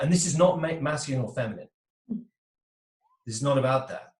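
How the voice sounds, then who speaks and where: A man's voice: mid-range voice, lively intonation, brisk, long pauses, far from the mic. A man as an interview guest, coaching on relationships, talking animatedly and slipping into little voices for the types he describes over a video call. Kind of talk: explanatory interview talk. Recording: roomy echo.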